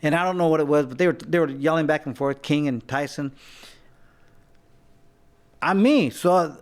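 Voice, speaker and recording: A man's voice: a little high, normal speed, long pauses. A man, a former boxer, telling stories in a casual talk-show chat, with many restarts and acted-out quotes. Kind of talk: casual storytelling.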